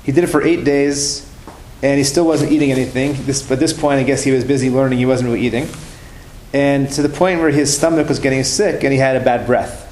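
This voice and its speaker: Man, religious teacher telling stories to a class, mid-pitched voice, roomy room with faint hiss behind. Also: fairly even intonation, brisk, darkish tone. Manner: conversational, repeats and restarts phrases.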